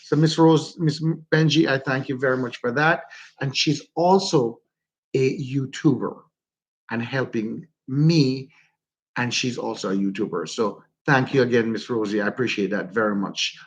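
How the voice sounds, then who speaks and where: A man with a Jamaican accent, hosting a casual livestream and warmly greeting his viewers by name. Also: mid-range voice, normal speed, slightly rough. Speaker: livestream host.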